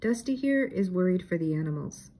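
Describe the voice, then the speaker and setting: A woman's voice: lowish voice, expressive, fairly quick, dark tone, slightly rough, poor audio. A woman reading aloud and voicing a friendly, practical male farmer. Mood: folksy. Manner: folksy, practical.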